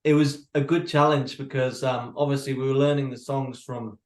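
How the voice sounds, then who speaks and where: A man's voice: medium pitch, fairly even intonation, normal speed, reverberant. A young man from North Wales, a guitarist, with an accent mixing English and Welsh, talking in an easygoing, rambling way in a video call interview. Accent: mixed English and Welsh.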